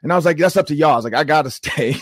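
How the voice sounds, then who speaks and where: A man in his forties hosting a sports podcast, telling stories in a casual, animated way and acting out quotes with lots of "like.". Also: fairly high pitch, rapid-fire, no echo, clean studio sound. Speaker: podcast host.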